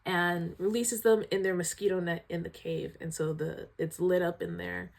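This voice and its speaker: A woman giving a casual video review of a film. She retells scenes in an animated, emotional way, sighing often. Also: on the low side, moderate pace, creaky.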